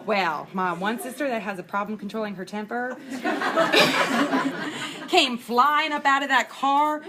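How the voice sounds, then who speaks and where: The recording is very noisy as a woman in her thirties lectures at a slow pace in a slightly high voice. This instructor is candid and talkative on her screencast recording mic, laughing through personal stories.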